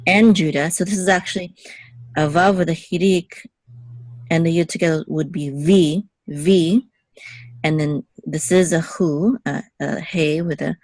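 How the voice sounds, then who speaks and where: Speaking in a notably low, slightly mellow voice, a woman gives a one-on-one lesson on Hebrew letters and vowels, going step by step with patience. She keeps asking a brief "okay?" and the recording is close and dry, without room sound or echo.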